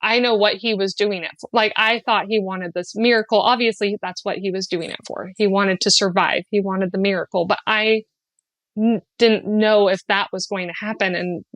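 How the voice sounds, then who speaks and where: A middle-aged woman appearing as a podcast guest shares a deeply personal spiritual experience, emotional and animated. Her pitch jumps up when she quotes people, and she breaks into laughter. She talks at normal speed, and the recording is dry and close.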